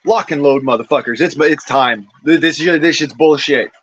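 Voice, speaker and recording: A man's voice: fairly high pitch, moderate pace, a bit bright, dull audio, slight background noise. An injured veteran, a man who has had a couple of beers, ranting furiously and profanely into his cell phone, stammering over his restarts. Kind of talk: angry vlog rant.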